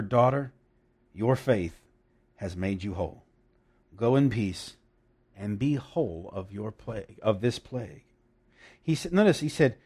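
A man preaching a sermon, animated and emphatic, with laughing asides and dramatic emphasis. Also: medium pitch, husky.

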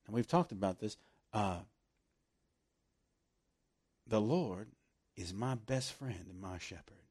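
A man preaching a sermon, animated and laughing often, slowing right down to stress scripture. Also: on the low side, husky.

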